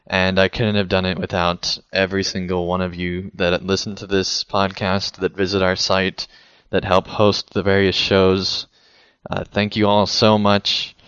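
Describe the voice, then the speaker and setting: A man's voice: low voice, a bit bright, smooth, no room sound. A man hosting a podcast, talking with enthusiasm and thanking his listeners in casual chat. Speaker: podcast host. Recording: dull lo-fi podcast audio.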